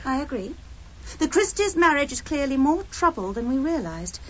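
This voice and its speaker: A woman's voice: sits high, big pitch swings, moderate pace, highs cut off. An actress in a radio drama playing a confident, theatrical English lady novelist turned detective. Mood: indignant.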